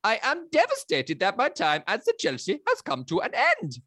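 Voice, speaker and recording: A man's voice: huge pitch swings, moderate pace, bright, forceful tone, dry recording, studio quality, exaggerated voice. A man putting on a German accent to read out a coach's farewell statement. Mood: earnest. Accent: German, put on. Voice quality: lilting, rising pitch.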